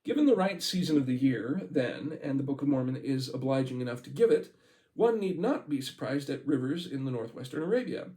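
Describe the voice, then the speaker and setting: A fairly quick, animated man with a medium-pitched, dark voice gives an informal read-aloud of a book. The amateur reader pauses to chat and laugh along the way, and the recording quality is low.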